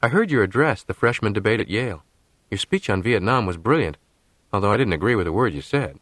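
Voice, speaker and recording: A man's voice: on the low side, expressive, fast, fairly bright tone, no echo. Brief: male narrator playing a confident young rival, frank, dry close voice.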